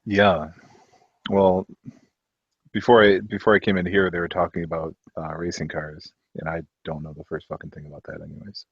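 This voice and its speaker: A man's voice: sits low, little pitch movement, normal speed, breathy edge, no room sound. A man telling a personal story in casual chat, hesitant, with many restarts and offhand swearing. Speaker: discussion participant. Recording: dull, muffled mic.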